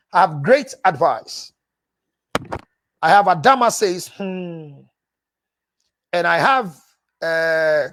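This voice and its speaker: Reading viewer messages on a live show, this male relationship counselor answers in a high, fairly bright voice. His replies are emphatic and preachy, full of repeated phrases for stress, and he calls his listeners "my dear."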